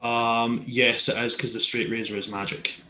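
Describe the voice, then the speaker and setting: A man's voice: mid-range voice, level tone, moderate pace, noisy background. A man playing a tabletop role-playing game, speaking in and out of character and arguing his case. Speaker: player.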